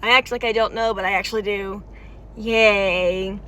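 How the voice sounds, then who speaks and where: A woman's voice: medium pitch, steady tone, normal speed, a bit bright. A woman reacting to a game's story in casual, emotional vlog commentary, chatty and full of "like" fillers. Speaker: game story reaction vlogger.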